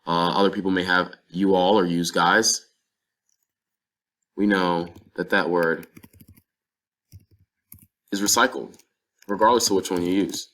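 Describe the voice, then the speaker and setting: A man with a very low, deep voice teaches a language lesson. He explains things patiently and step by step, working through example phrases. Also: steady tone, a little slow, pauses often, a bit bright. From North Carolina, USA. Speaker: Spanish teacher.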